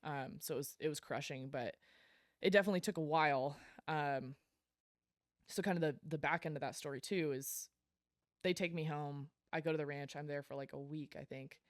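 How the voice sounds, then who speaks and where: A woman's voice: low voice, steady tone, normal speed, no echo, studio quality. A woman guest on a podcast, telling her story in a blunt, frank way, swearing casually and laughing between lines. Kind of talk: candid storytelling interview.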